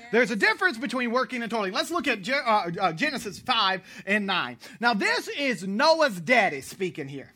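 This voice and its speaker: Lively, bright-voiced male pastor preaching. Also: high-pitched, moderate pace, few pauses. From United States. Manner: animated, self-correcting, jokes with the congregation. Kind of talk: sermon.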